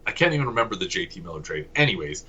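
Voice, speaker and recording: A man's voice: deep voice, big pitch swings, very fast, bright, forceful tone, breathy edge, muffled recording. A man from Canada co-hosting a casual sports podcast, talking analytically and correcting himself as he goes. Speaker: podcast co-host.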